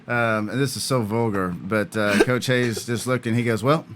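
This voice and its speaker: A man who is a guest on a podcast, telling old stories in a halting, filler-heavy way that often breaks into laughter. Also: fairly low pitch, steady tone, heavy background noise. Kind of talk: casual interview chat.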